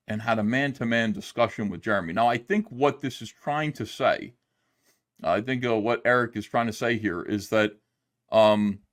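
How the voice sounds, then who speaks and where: A man's voice: medium pitch, fairly bright tone. A middle-aged man streaming commentary, ranting with profanity and lots of fillers. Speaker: streamer reacting to a video. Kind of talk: casual livestream commentary.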